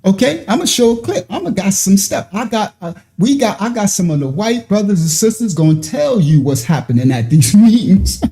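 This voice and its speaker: A man with a high, mellow voice hosts a livestream in a loose, colloquial style. His pitch jumps around constantly, and he chuckles as he talks. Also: big pitch swings, normal speed, few pauses. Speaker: livestream host. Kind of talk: casual livestream commentary.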